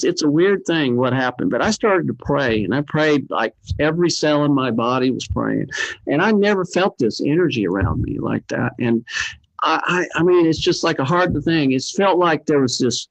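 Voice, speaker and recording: A man's voice: a little high, gravelly, no room sound. Brief: older male interview guest, earnest rambling storyteller, dry muffled lo-fi sound. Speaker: interview guest, cancer survivor.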